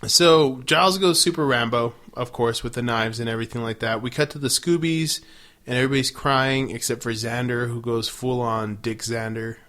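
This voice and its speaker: A man co-hosts a casual podcast, swearing freely as he walks through the plot. He laughs often and jumps into quick bits of acted-out dialogue. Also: medium pitch. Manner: profane, animated recapping with laughter. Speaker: podcast co-host. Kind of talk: casual chat.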